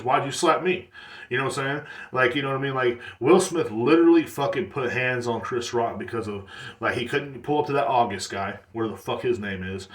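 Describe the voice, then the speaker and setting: A man's voice: medium pitch, fairly bright tone. Profane rambling man in an echoey room. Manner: profane, rambling, heavy on "like" fillers. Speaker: podcast host. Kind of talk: casual solo podcast rant.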